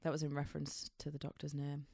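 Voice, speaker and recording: A woman's voice: deep voice, monotone, fast talker, vocal fry, dark tone, breathy edge, no echo, clean studio sound. A woman co-hosting a podcast in casual chat, rambling with many fillers and laughing easily. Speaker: podcast co-host.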